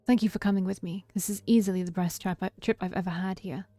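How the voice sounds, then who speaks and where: A woman's voice: medium pitch, steady tone, quick pace, warm tone, dry recording, lightly acted. Woman reading a haunted young man confessing. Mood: subdued. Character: troubled young man confessing a past killing.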